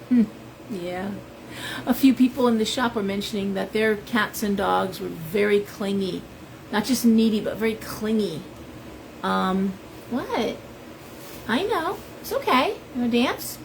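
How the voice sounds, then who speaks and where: A woman's voice: mid-range voice, creaky, slight background noise, poor audio. A middle-aged woman, a shop owner, chatting casually on a live stream and greeting viewers by name. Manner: chatty, rambling, reads out viewer names.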